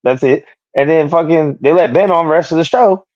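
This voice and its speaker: A man's voice: a little high, a little fast, darkish tone, dry recording. Profane ranting man, muffled dry audio. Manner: profane, ranting, quotes others in raised voice. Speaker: streamer co-host. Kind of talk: heated casual chat.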